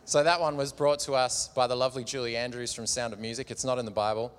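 Casual preacher in a reverberant hall. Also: male voice, medium pitch, steady tone, fast, clear, resonant tone. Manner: casual, joking, conversational. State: slight cough. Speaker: preacher at a church gathering. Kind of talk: sermon with audience participation. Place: large room with a live audience.

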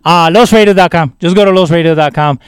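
An older man co-hosting a podcast in loose, animated casual chat, swearing freely and tossing in Spanish phrases. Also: a little high, fast talker, smooth, no echo. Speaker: podcast co-host.

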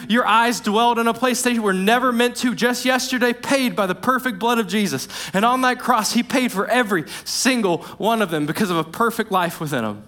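A young man preaching with a notably high voice. He is earnest and repeats phrases for emphasis. For key lines he sinks into a quiet, low hush. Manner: earnest, repetitive emphasis, drops to a hushed low voice for key points. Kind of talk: sermon.

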